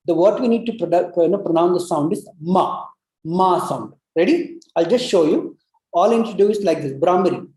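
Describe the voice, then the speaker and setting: Breathwork teacher, soft warm tone, coaxing and repetitive, demonstrates humming; echoey room. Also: medium pitch. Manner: coaxing, repeats cues, many "you know" fillers; demonstrates long humming sounds. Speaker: breathwork instructor. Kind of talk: guided breathing lesson. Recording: roomy echo.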